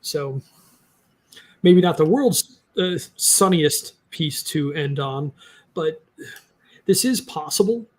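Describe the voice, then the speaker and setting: Podcast host guy, kinda high husky voice, chill and upbeat, lots of ums. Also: expressive, takes it slowly, long pauses, darkish tone. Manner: loose and upbeat, many fillers. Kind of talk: casual podcast chat.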